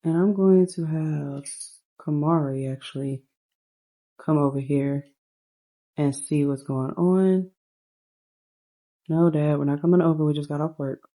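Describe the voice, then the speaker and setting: Woman, low pitch, mellow, chatty game storytelling, talks to viewers. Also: a little slow, long pauses. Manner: chatty, addresses viewers as "you guys". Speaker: game narrator.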